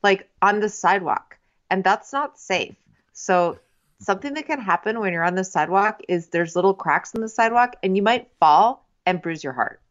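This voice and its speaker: A woman trading jokes on a comedy podcast with a deadpan, absurd delivery. Her recording sounds muffled and lo-fi. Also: mid-range voice, normal speed. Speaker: podcast co-host. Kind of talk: casual comedic recap chat. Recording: dull lo-fi audio.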